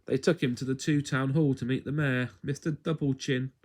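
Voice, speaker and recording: A man reading a children's story aloud at home in an expressive, playful way. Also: mid-range voice, moderate pace.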